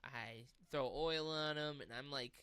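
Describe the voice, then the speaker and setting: A man with a bright, crisp voice chats casually on a gaming podcast. He tells his stories with animated energy and plenty of swearing. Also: fairly high pitch, measured pace, dry recording. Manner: animated storytelling with swearing and laughs. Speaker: podcast co-host.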